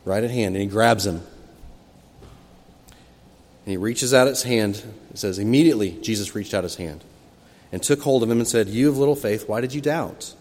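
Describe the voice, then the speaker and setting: A man's voice: fairly low pitch, normal speed, pauses often. Man preaching in a reverberant church. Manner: expressive storytelling, acting out quoted cries with sudden loud rises. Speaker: pastor. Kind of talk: sermon. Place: church sanctuary. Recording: long hall reverb from a church.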